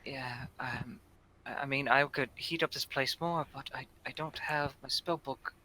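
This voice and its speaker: A man voicing a timid, polite young male wizard who speaks quietly and haltingly. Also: mid-range voice, steady tone, voice pushed up, low-quality recording.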